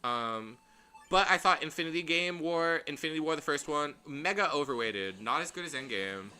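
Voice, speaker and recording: A man chatting through a blind game playthrough, rambling and animated as he goes off on tangents. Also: fairly high pitch, moderate pace, clean tone. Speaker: game streamer. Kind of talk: casual gameplay commentary.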